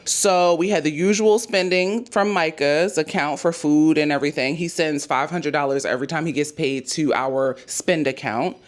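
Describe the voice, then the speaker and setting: A woman's voice: sits low, normal speed, hardly any pauses. Chatty woman talking budget numbers. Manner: chatty, addresses viewers as "y'all", thinks aloud over numbers. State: losing her voice. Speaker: budgeting YouTuber. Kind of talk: casual monthly budget update.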